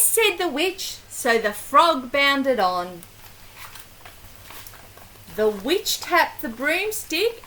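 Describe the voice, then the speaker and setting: Older grandmother reading a picture book to a child, high, lively voice, very slow and expressive. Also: slight background noise, poor audio. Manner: slow, animated, with gasps and questions to the child.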